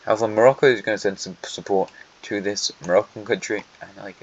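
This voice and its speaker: Wry low-voiced man narrating a map. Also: fairly even intonation, fast, a bit bright. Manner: dry, joking asides that address countries directly. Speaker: narrator of an alternate history map series. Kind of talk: casual wry map commentary. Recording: lo-fi with faint hiss.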